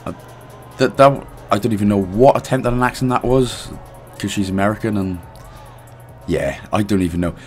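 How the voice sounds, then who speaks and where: A man's voice: on the low side, fairly quick, faint music behind. Hungover Welsh man's game commentary. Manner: relaxed, chatty, laughs at himself. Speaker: gaming channel host.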